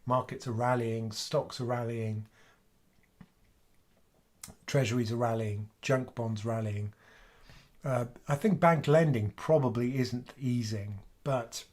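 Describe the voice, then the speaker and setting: A man's voice: medium pitch, takes it slowly, darkish tone. A man hosting a finance livestream from home, with a sore throat, talking casually and thinking aloud with fillers. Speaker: finance channel host.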